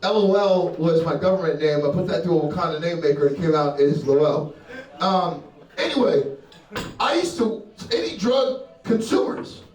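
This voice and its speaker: A man's voice: fairly high pitch, expressive, normal speed, a little mellow. A young man doing a stand-up set, brash and profane, working the crowd and laughing at his own jokes. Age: young adult. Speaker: stand-up comedian. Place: comedy club stage. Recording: roomy live venue from a distance with crowd.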